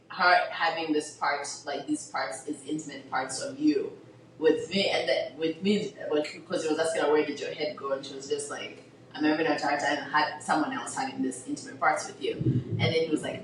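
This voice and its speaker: A woman's voice: sits low, fairly even intonation, normal speed, background noise. A woman in a casual book chat who retells scenes with animation, acts out the characters' lines and says "like" constantly. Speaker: podcast co-host. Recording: roomy, distant mic.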